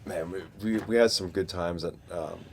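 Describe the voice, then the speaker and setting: Middle-aged man, low voice, easygoing interview storyteller who swears freely. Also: normal speed, darkish tone, breathy edge. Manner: laid-back, swears often, acts out quoted voices. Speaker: wrestler, interview guest.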